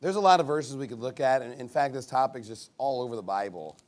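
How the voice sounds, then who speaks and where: A man preaching a sermon, reading scripture slowly with rising emphasis and breaking into animated, mocking asides with sudden shouted bursts. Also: medium pitch. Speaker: pastor.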